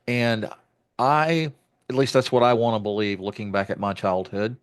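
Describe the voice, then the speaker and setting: A man's voice: on the low side, fairly even intonation, moderate pace, clear, resonant tone. A man hosting a podcast interview, talking reflectively about fatherhood with many restarts. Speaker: podcast host. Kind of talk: conversational interview.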